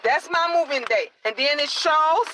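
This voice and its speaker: A middle-aged woman live-streaming to her viewers, excited and preachy, urging them to keep praying. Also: sits high, moderate pace, a faint crowd, a little hiss or hum, poor audio. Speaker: vlogger.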